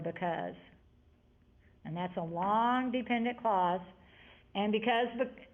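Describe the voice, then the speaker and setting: A woman teacher works through a grammar lesson, chatty and full of wandering asides. Her voice sits a little high. The sound is thin and tinny, like a phone line. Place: classroom. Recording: tinny lo-fi classroom audio.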